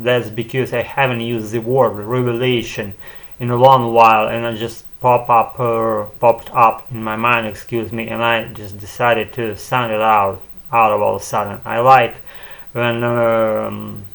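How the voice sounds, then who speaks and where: A man's voice: medium pitch, little pitch movement, measured pace, vocal fry, a bit bright. A man at home, talking on in a rambling solo monologue with many fillers and restarts, and casual swearing. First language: Ukrainian. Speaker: channel host practicing spoken English.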